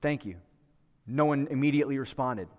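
A man's voice: mid-range voice, brisk, dull audio. Conversational male pastor in a reverberant hall. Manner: conversational, asks the congregation questions. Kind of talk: sermon with prayer and storytelling. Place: church sanctuary with a live congregation.

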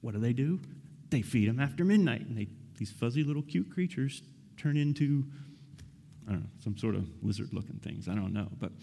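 A man's voice: mid-range voice, lively intonation, fairly quick, vocal fry, dark tone. A man giving a casual, conversational sermon, asking his listeners questions and often adding "right?". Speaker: preacher. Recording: reverberant hall.

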